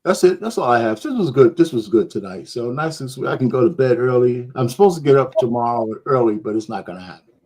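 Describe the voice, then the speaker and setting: A man's voice: medium pitch, animated, fast talker, dark tone. A man talking casually as a panelist on a call, rambling and laughing easily.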